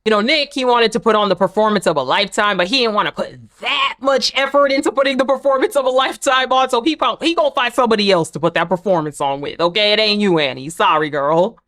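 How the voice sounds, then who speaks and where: A woman's voice: mid-range voice, lively intonation, quick pace, hardly any pauses, a bit bright. A woman vlogger giving a sassy, chatty, opinionated recap of a TV episode. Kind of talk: casual recap commentary.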